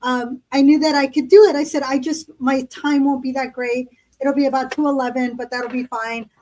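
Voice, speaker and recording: A woman chats casually as a podcast co-host, spinning long stories full of fillers. Her voice sits high. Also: flat delivery, moderate pace, a little mellow, slight background noise, rough recording. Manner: chatty storyteller, lots of fillers. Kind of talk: casual chat.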